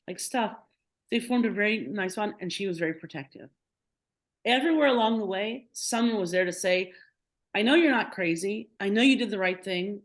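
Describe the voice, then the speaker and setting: A middle-aged woman, a podcast guest, retelling a personal story with feeling, acting out quoted dialogue and often restarting her sentences. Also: a little high.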